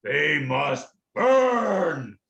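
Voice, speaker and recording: A man voicing a huge, wrathful, ancient male dragon who speaks in slow, menacing booms. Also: very animated, creaky, fairly bright tone, lo-fi sound, heavily acted. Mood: commanding. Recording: roomy echo.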